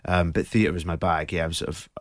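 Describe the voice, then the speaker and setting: Speaking a little fast in a low, steady voice, this Scottish man from Glasgow is a guest actor on a studio radio interview. He tells chatty stories with fillers and laughs, and there's no room sound.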